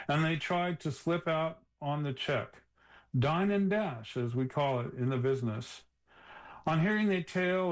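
A man reading aloud from his own memoir as a radio guest, in a measured storytelling delivery. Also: fairly high pitch, poor audio. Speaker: author reading from his book.

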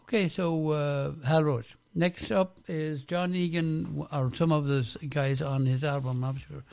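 A man hosting a radio show, introducing records in a relaxed, chatty way with small restarts. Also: a little high, measured pace, creaky. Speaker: radio host. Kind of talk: casual radio DJ talk.

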